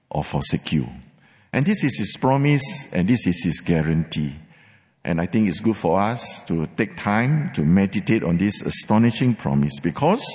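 A man's voice: fairly low pitch, a little mellow. A man preaching a sermon, emphatic, repeating words for stress, with some fillers. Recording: long hall reverb.

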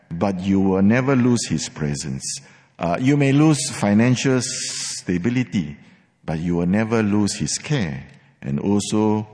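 A man's voice: fairly low pitch, a little mellow. A man preaching a sermon, emphatic, repeating words for stress, with some fillers. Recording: long hall reverb.

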